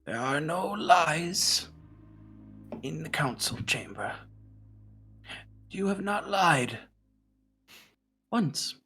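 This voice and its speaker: A man's voice: on the high side, animated, slightly rough, voice pushed up, exaggerated voice. A man doing a serene old woman seer. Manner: slow, drawn-out, hushed delivery. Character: serene elderly female seer, soft and knowing.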